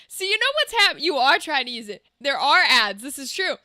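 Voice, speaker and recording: Young woman streamer, high and very bright, brash and foul-mouthed, teasing her chat. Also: animated, moderate pace, dry recording, studio quality. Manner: brash, profane, teasing, laughs often. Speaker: game streamer. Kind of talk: casual chat with viewers.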